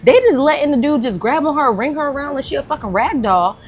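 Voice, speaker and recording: A woman co-hosting a podcast from a restaurant, telling a story bluntly and profanely with animated quoted voices. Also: high-pitched, fairly quick, few pauses, slight background noise. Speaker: podcast co-host. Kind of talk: casual storytelling chat. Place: busy restaurant.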